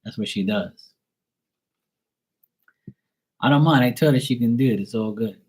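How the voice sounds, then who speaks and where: A man's voice: mid-range voice, fast talker, husky. A middle-aged man reading tarot on a live stream, chatting casually and bantering playfully with viewers in the chat.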